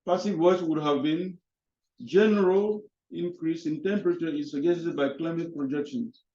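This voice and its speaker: Halting male teacher in an echoey classroom. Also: fairly high pitch, fairly even intonation, warm tone. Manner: halting, repeats words, switches to French. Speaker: English teacher. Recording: echoey classroom, dull lo-fi sound.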